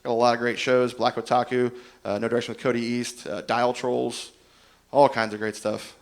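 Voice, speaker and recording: A man's voice: medium pitch, little pitch movement, normal speed. A man doing an open-mic stand-up set, telling rambling, self-deprecating stories with plenty of fillers. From Indiana. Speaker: stand-up comedian.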